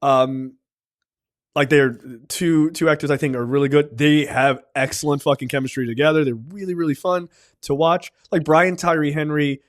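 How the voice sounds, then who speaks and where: Profane, animated male podcast co-host. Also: a little high, moderate pace. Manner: animated, profane storytelling full of fillers. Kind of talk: casual chat.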